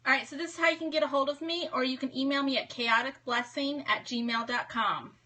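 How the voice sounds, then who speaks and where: A bright, high-pitched woman in her thirties chats bubbly and fast with her live viewers. She calls out names one after another and talks on a phone or tablet mic in her home office. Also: steady tone. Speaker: livestream host. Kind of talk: casual live-stream chat greeting viewers.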